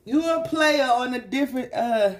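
In a high-pitched voice at normal speed, a tarot reader chats with her viewers in slangy, casual fashion. She teases and scolds the listener with sudden loud bursts, frequently asking "you know what I'm saying?".

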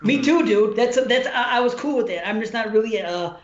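A man chats about a horror film in a casual podcast, with a high voice. He trips over restarts and keeps saying "dude". The sound is roomy and dull, lo-fi. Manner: excited, halting restarts, says "dude". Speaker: podcast co-host. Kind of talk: casual film review chat. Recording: echoey room, dull lo-fi sound.

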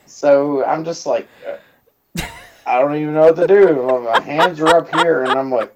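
A man's voice: on the high side, normal speed. A man hosting a podcast in casual chat, tipsy and ranting in an exasperated, profane way. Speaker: podcast host. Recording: noisy home recording.

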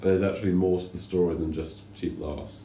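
A man co-hosting a casual podcast, joking and giving firm opinions. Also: low voice. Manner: lively, opinionated, quick to joke. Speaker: podcast co-host. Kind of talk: casual chat. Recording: roomy, faint hiss.

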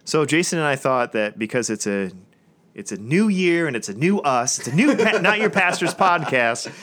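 A man in his thirties co-hosting a casual podcast, upbeat and joking with quick asides. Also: fairly high pitch, sing-song, a bit bright. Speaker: podcast co-host. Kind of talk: casual chat.

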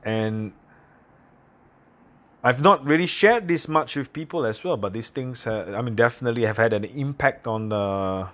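A man from Singapore, hosting a podcast and telling personal stories in a candid, halting, self-deprecating way. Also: mid-range voice, a bit bright. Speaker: podcast host. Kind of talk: casual personal monologue.

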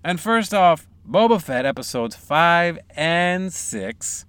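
A man's voice: fairly high pitch, animated, takes it slowly, fairly bright tone, clear, resonant tone, no room sound. A man hosting a comedy podcast, ranting in a profane, hammy, theatrical way. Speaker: podcast host.

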